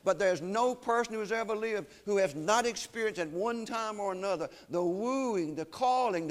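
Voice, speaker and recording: Solemn emphatic male preacher. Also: high voice. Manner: solemn, emphatic preaching with slowed, weighty phrases. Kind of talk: sermon.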